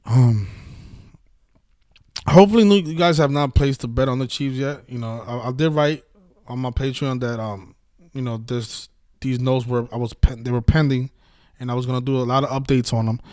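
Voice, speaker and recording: A man's voice: mid-range voice, normal speed, a little mellow, dry recording. A man hosting a casual live-stream about sports betting, talking in a heated, profane, rambling way with many restarts. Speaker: sports betting video host.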